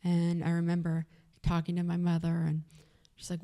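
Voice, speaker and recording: A woman's voice: fairly low pitch, completely flat delivery, normal speed, vocal fry, dark tone. A woman with a Texas accent telling her own story to an audience at an event, candid and conversational, with many fillers. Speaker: event speaker. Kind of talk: personal story told to an audience. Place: event venue.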